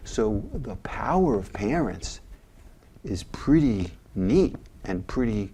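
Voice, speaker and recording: A man's voice: on the low side, slow, breathy edge. An older man, a former mental health agency head, telling stories animatedly as an interview guest. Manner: animated, retells scenes with voices. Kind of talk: interview storytelling.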